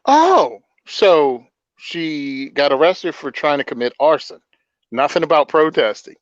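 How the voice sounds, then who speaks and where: A man's voice: on the high side, very animated, unhurried, dry recording, dull audio. Blunt sarcastic man hosting a chat. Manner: blunt, sarcastic, laughs often. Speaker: podcast host. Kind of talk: casual political chat.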